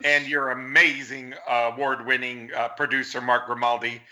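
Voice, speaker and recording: A man's voice: mid-range voice, flat delivery, normal speed, pushed and bright. A middle-aged man, a political commentator, speaking earnestly and effusively as a talk show guest.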